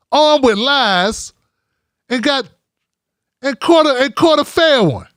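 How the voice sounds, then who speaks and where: A man's voice: extremely high pitch, animated, slow, long pauses, a bit bright, dry recording, clean studio sound. A middle-aged man hosting a live commentary show, ranting in a heated, profane, mocking way.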